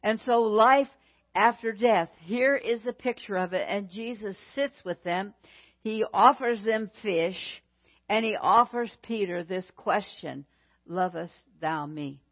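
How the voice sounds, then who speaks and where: A woman preaches a sermon with slow, deliberate delivery. She drives points home by repeating phrases. Her voice sits at an ordinary pitch, and the recording is slightly dull and lo-fi.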